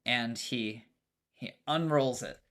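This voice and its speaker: A man's voice: medium pitch, takes it slowly, fairly bright tone. A man narrating as game master of a tabletop game, casual and profane, with many fillers and restarts.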